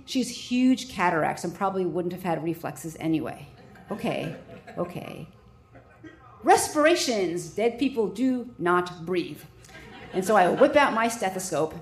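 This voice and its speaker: A woman doctor telling a personal story on stage, lively, with wry comic timing. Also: lowish voice.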